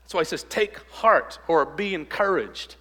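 Male pastor preaching, goes loud and urgent then soft and hushed in prayer, long church reverb. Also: lively intonation, moderate pace. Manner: rises loud on exhortations, drops soft and low in prayer. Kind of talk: sermon with closing prayer. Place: church sanctuary.

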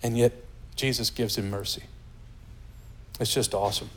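Speaking at a normal speed in a medium-pitched voice, this male pastor from the United States preaches with humor and energy, keeping it conversational.

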